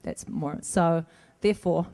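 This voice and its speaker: Her voice is lowish, gravelly, and mellow, and she speaks a little slowly. The middle-aged woman is fielding fan questions in a casual stage Q&A at a convention, rambling chattily in front of the audience and laughing a lot.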